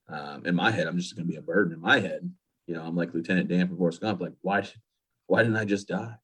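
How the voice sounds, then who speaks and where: A man in his thirties talks fast in a very low, husky voice. He tells his story in a candid, plain-spoken way. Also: fairly bright tone. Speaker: interview guest, veteran. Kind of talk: personal story in interview.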